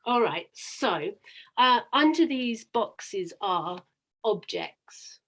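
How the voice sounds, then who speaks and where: A woman's voice: on the high side, expressive, extremely slow, a bit bright. A woman presenting a teaching webinar over a video call, upbeat and guiding the talk with questions. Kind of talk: webinar presentation and demo dialogue.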